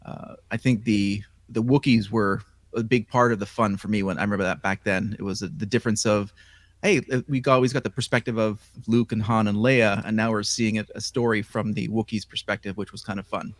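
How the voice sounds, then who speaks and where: Hesitant man with a low voice. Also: fairly even intonation, brisk, dry recording. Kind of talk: casual chat.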